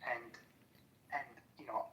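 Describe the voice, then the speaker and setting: A man's voice: takes it slowly, pushed and bright, slight background noise, rough recording. A man in casual podcast chat, heated and swearing with lots of fillers. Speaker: podcast panelist.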